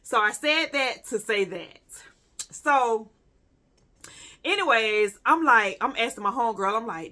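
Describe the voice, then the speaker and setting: Woman, young adult, casual storytime vlog, animated and profane, high-ish pitch, bright tone. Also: a little slow. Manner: animated, profane, addresses viewers directly. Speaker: vlogger.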